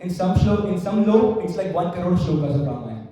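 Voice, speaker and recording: High-voiced man in an echoey hall. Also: lively intonation, a little fast, warm tone, far from the mic. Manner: storytelling with quoted voices and Sanskrit verses. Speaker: class speaker. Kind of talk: devotional class storytelling. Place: temple hall.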